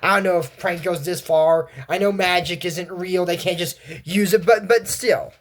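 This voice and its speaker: An American host recapping a cartoon episode in a loose, chatty way. They wander into side tangents and then jump into the characters' lines with lively, animated shifts. The middle-pitched voice stays easy and unscripted. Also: normal speed. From United States. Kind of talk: casual retelling of a cartoon episode.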